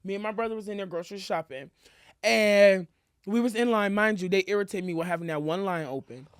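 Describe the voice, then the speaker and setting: A woman's voice: medium pitch, brisk, smooth, no echo. Chatty woman co-host, dry close sound. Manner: chatty, acts out quoted people in a mocking tone. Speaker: podcast co-host. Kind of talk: casual chat.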